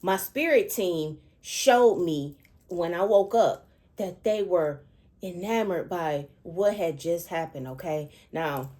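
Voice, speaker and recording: A woman's voice: fairly low pitch, slow, mellow. Emotional woman telling a spiritual dream. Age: middle-aged. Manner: emotional, repetitive, keeps checking in with "okay?". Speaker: spiritual seer. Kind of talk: spiritual storytelling monologue.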